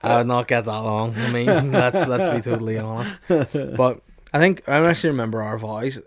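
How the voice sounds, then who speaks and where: Joking podcast host, dry. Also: male voice, mid-range voice, moderate pace, no echo. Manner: joking, teasing banter. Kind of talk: casual comedic chat.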